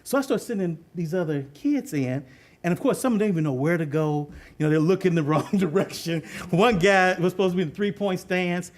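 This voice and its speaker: A middle-aged man, a youth football coach, telling a leadership story in an animated way, laughing often and acting out what others said. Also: high-pitched, brisk. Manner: animated, laughing often, acts out quoted voices.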